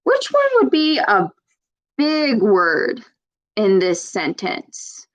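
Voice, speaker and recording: A woman's voice: mid-range voice, wildly swooping pitch, extremely slow. A woman reading a picture book aloud to children, patiently asking them questions as she teaches. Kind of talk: storybook read-aloud with teaching.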